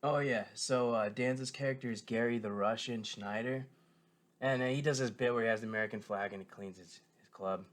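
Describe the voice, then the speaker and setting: Speaking a little fast in a mid-range voice, this man reviews a show like an excited fan. His commentary wanders, stuffed with fillers, false starts and constant self-corrections.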